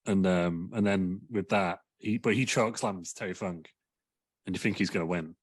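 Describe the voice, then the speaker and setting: Podcast co-host, man, husky, low, dry sound, giggles through a rambling comic story. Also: moderate pace, no room sound. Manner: giggly, rambling, laughs mid-sentence. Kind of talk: comedic storytelling.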